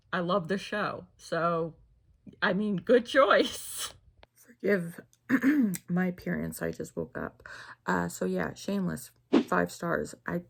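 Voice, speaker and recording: Gravelly young woman vlogging casually. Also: low-pitched. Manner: rambling, lots of fillers and self-corrections. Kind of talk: casual chat to camera.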